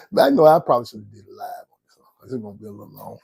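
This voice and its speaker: A man from Georgia with an Atlanta accent telling prison stories in a casual, slangy, animated way. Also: mid-range voice, creaky, breathy edge, no room sound. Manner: animated, slangy, laughs often between lines. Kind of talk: casual storytelling.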